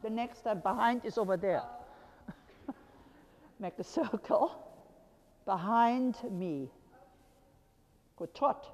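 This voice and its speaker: A woman's voice: fairly high pitch, darkish tone. A woman coaching a rider, calling out short repeated commands and laughing now and then. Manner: commanding, repetitive short calls, occasional laughs. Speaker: riding instructor. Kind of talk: coaching a rider from the arena floor. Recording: long hall reverb.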